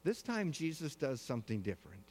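A male pastor preaching a sermon, telling the story in a measured way with slow, weighty pauses. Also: medium pitch, very animated, a little mellow, slightly rough, long reverb tail.

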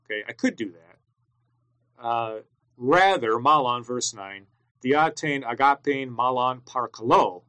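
A man teaching a Greek text lesson, talking deliberately with many filler pauses. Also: mid-range voice, animated, fairly bright tone, no room sound, poor audio. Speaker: Greek New Testament teacher. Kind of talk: classroom lecture.

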